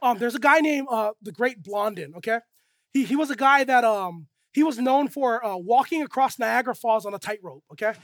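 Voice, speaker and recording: A lively preacher gives a chatty sermon to a young crowd, checking in often with quick asides. Key points fall soft and low. The sound is dry and close, with no room around it. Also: dry recording. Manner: lively, conversational, checks in with "right?" and "okay?".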